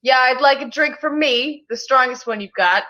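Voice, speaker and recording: A woman playing a character in a tabletop game, brash and playful, and quick to swear. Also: high voice, bright, forceful tone, low-quality recording. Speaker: player.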